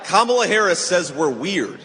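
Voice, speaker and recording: A man's voice: high voice, sing-song, moderate pace. A man giving an emphatic, mocking rally speech in a large arena, played back from a clip. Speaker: political speaker at a rally. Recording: played clip with loud crowd noise and long reverb.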